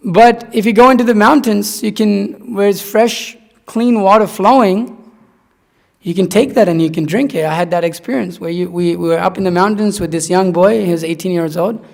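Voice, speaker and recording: Male teacher, rambly, repeats himself; gravelly tone, long hall reverb. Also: high voice, normal speed. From Nepal. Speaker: spiritual teacher. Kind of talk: conversational scripture class.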